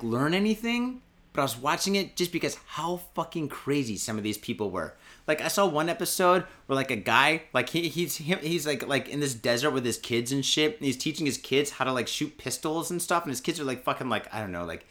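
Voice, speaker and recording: A man hosting a podcast tells a casual story in a bright, forceful voice that sits a little high. He swears constantly, piles up filler words and gets more and more worked up as he talks. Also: a little fast. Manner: profane, excitable, heavy filler words. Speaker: podcast host. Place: podcast studio.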